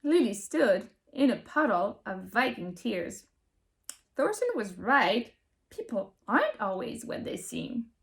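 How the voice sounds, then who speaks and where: A woman reading her own children's picture book aloud, expressive and animated, pausing to ask young listeners questions. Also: fairly high pitch, creaky. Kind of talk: children's storybook read-aloud.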